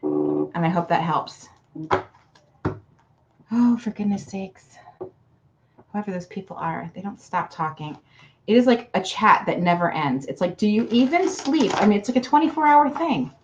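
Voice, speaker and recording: A woman's voice: medium pitch, expressive, normal speed, muffled recording, slight background noise. A woman giving casual card readings to viewers on a livestream, chatty and affectionate, calling people hun. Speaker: card reader.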